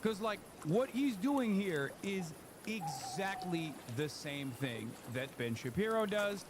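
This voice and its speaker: A high-pitched man talking slowly streams his reaction to a clip, offering casual, profane political commentary. He's animated and mocks the voices he quotes, with background noise audible.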